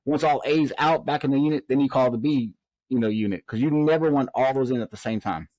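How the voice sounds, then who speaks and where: Male podcast guest, middle-pitched, animated storyteller who acts out dialogue, dry close-mic sound. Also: fast, no echo. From Southern United States. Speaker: guest, former prison officer.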